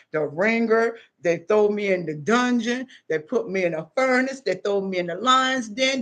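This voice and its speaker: A woman vlogger giving casual spiritual advice, preachy and animated, repeating phrases for emphasis. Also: mid-range voice.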